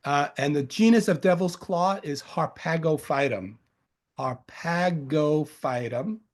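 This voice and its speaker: A man's voice: fairly high pitch, expressive, normal speed. A man from Long Island with a faint Long Island accent, teaching about medicinal herbs in a loose, rambling way, joking and correcting himself as he goes. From Long Island, New York. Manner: rambling and jokey, with self-corrections and fillers. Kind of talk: informal lecture.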